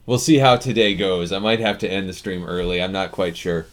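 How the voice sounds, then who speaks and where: Speaking into his desk mic with a low voice at a moderate pace and few pauses, this American developer chats loosely on his live stream, replying to viewers and restarting sentences as he goes.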